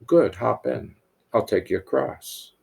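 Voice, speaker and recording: A man's voice: mid-range voice, a little slow, creaky, a little mellow, slightly rough, pitched below the performer's own voice, full character voice. A man voicing a proud clown on a tightrope who keeps asking the same question. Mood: cheerful.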